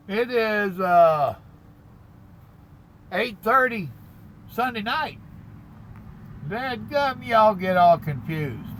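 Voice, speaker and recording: This trucker's voice is high-pitched with a fairly bright tone, and the poor audio picks up slight background noise. He sits parked at a stop in his cab, reading out viewer comments on a live stream with an unhurried, folksy drawl, addressing folks as "brother."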